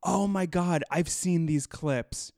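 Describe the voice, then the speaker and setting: A man co-hosting a podcast, chatting with animated enthusiasm and frequent laughter. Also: on the high side, takes it slowly, no room sound, studio quality. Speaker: podcast co-host. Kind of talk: casual chat.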